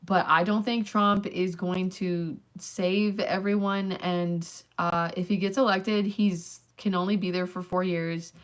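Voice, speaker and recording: Rambling woman, low-pitched voice. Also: steady tone, a little slow, few pauses. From Canada. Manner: rambling, filler-heavy talk with many likes and ums. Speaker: channel host. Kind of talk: casual livestream chat.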